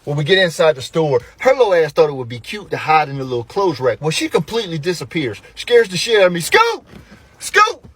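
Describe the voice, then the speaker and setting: A man telling comic stories about his kids, animated and profane, with sudden loud outbursts. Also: on the high side, quick pace, hardly any pauses, slightly rough, no echo. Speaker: storyteller, father of young kids. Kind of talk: comic storytelling with voiced quotes.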